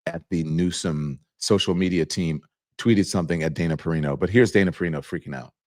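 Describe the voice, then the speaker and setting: A man hosting a political commentary show, mocking the clips he plays and breaking into high, exclaiming bursts. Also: a little fast, a little mellow. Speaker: show host.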